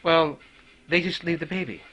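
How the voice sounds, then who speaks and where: A man's voice: on the high side, moderate pace, low-quality recording. A man with an Irish accent, a paramedic telling a work story as a profane, swearing rant. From Ireland. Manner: animated, swearing heavily.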